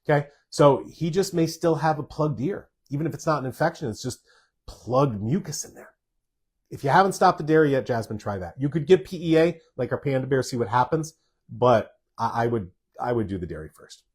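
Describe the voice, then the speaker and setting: A man's voice: medium pitch, expressive, fairly quick, husky. A man, a doctor hosting a live stream, casually answers viewer questions and stresses points by repeating words.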